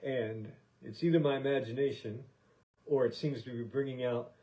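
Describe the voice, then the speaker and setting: An American podcast host speaks in a casual, meandering monologue packed with fillers and restarts. His medium-pitched voice is mellow with fairly even intonation at normal speed, but the recording is rough.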